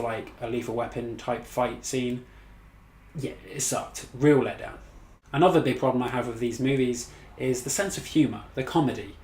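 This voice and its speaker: Male reviewer, casual sweary rant, mid pitch, echoey room. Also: a little mellow. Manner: blunt, sweary, exasperated, laughs at his own mockery. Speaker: movie reviewer. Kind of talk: casual ranting movie review.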